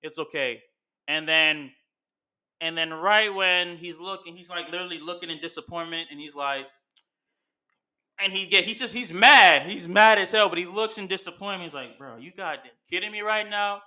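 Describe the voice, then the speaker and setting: A man's voice: high-pitched, moderate pace, bright, forceful tone. A man hosting casual commentary, rambling through his ideas with lots of fillers and restarts. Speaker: wrestling commentary host.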